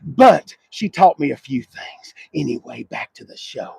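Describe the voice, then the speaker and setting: A man with a gravelly, husky voice reviews cars on a dealership lot in a loose, chatty way. He talks excitably, dropping to murmurs and then bursting into shouts. His voice is lively and up and down, and the sound is close and dry. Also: mid-range voice, measured pace, dry recording. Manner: loud, excitable, swings between murmurs and shouts. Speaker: car dealership vlogger. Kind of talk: casual walkaround car review.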